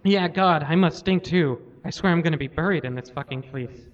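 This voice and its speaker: Casting: foul-mouthed blustering male governor, read by a man, high voice, lo-fi live tape. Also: brisk, lightly acted. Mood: blunt. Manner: swearing, blunt. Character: blustering, crude male governor, tearful and embarrassed. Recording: lo-fi live recording.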